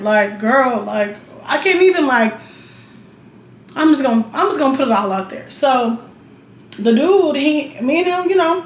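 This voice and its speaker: Young woman spilling dating tea, cussing, kinda high voice, echoey room. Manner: blunt, profane, chatty, keeps checking in with the viewer. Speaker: vlogger. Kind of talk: casual storytelling while getting ready. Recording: roomy echo with faint noise.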